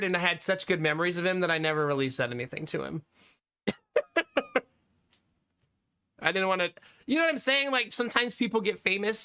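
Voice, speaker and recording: Casting: male streamer, 30s, bright and higher-pitched, loose chatty delivery with lots of laughs. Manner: chatty, laughs often, reads chat aloud. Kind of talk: casual live-stream chat.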